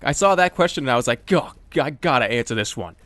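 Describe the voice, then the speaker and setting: A man answering viewer questions in a casual voice-over, joking and self-deprecating, talking in a lively, animated way. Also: mid-range voice, fast talker, dry recording.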